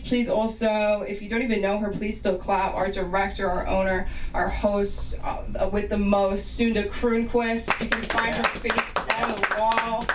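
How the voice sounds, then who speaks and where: A woman's voice: medium pitch, little pitch movement, a little slow, few pauses, very noisy. A young woman hosting an open mic comedy night, chatty and rambling with lots of "like". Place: comedy club stage. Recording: roomy club sound from far off.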